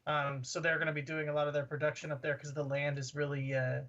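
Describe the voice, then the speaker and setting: A man's voice: fairly high pitch, flat delivery, fast, a bit bright, muffled recording. A man from Southern California co-hosting a podcast, easygoing in casual chat and trailing off while searching for words. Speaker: podcast co-host.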